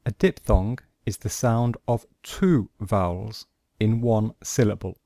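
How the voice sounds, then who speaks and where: A man teaching pronunciation at a very slow, deliberate pace, with a low voice. He sets out each example word on its own, and the recording is dry and close with no room sound. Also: creaky, mellow, no room sound. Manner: slow and deliberate, pausing between example words. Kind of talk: slow instructional explanation.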